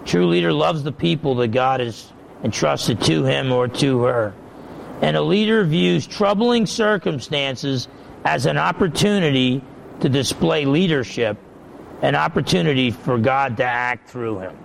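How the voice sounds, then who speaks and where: A man's voice: medium pitch, measured pace, gravelly, a little hiss or hum, rough recording. A man preaching as a pastor, making his points emphatically and repeating them, his voice climbing when he gets stirred up. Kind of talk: sermon.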